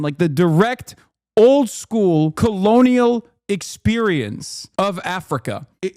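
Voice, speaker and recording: A man's voice: high voice, no room sound, clean studio sound. Sarcastic ranting streamer man. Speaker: streamer host. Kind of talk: sarcastic political commentary.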